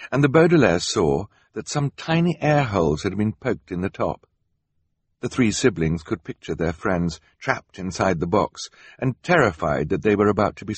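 Man, audiobook narration, low voice, lively intonation. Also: breathy edge, no echo. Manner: expressive, storytelling. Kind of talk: scripted narration.

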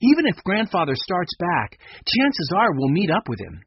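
A man doing a steady teenage boy leader. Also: sits high, normal speed, breathy edge, dry recording, muffled recording, voice pushed up, heavily acted.

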